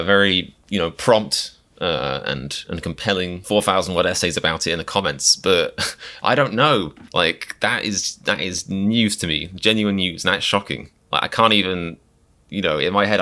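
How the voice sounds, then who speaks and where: Male comedian with a deep yet crisp, forceful voice; casual, rambling, self-mocking reaction chat. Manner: chatty, filler-heavy, wry and self-mocking.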